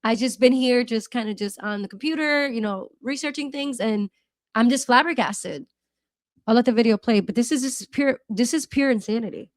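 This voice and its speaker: A woman's voice: on the high side, moderate pace, no echo, studio quality. A woman hosting a reaction video, talking casually in a worked-up, rambling way with frequent restarts and apologies. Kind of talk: casual commentary.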